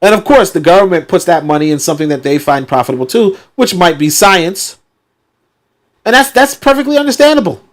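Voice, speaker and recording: Man host, higher voice, reads a book then breaks into sarcastic animated asides. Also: fairly quick. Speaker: host reading a book aloud. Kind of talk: reading a book aloud with commentary.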